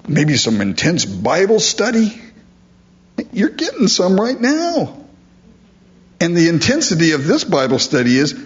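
A male pastor delivers a sermon, unhurried and earnest, his pitch rising and falling lively as he preaches emphatically and poses rhetorical questions. The sound is slightly muffled and lo-fi.

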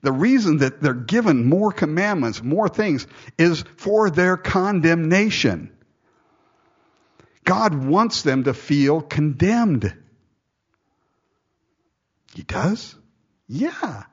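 A man's voice: on the high side, sing-song, takes it slowly, pauses often, husky, muffled recording. A man preaching a sermon, reading scripture aloud and breaking off into jokey, conversational asides.

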